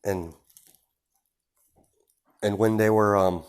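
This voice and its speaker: A man's voice: lowish voice, fairly even intonation, drawn-out words, clean tone. A man improvising a fan-fiction story aloud, rambling casually with lots of fillers.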